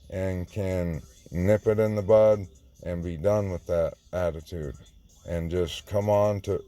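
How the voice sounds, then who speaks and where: A man's voice: deep voice, warm tone. A man giving an informal sermon, insistent and confrontational, often repeating himself. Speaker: online preacher.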